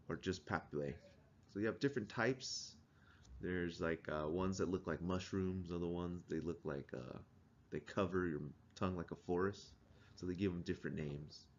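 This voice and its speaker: A man with a fairly low voice gives a conversational classroom lecture and keeps asking the students questions. The recording sounds dull and lo-fi, with a faint hiss behind him. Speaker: teacher.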